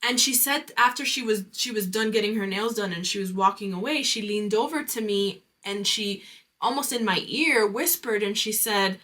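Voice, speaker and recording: Bright-voiced woman telling her story. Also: medium pitch, normal speed. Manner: candid, reflective, many "like" fillers. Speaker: podcast host. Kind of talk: personal storytelling monologue.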